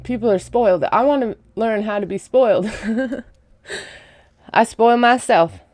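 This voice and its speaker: A woman's voice: fairly high pitch, unhurried, a little mellow, dry recording. Chatty woman doing a sarcastic TV recap. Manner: chatty, sarcastic asides, frequent "like". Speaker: reality TV recap vlogger. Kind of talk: casual recap commentary.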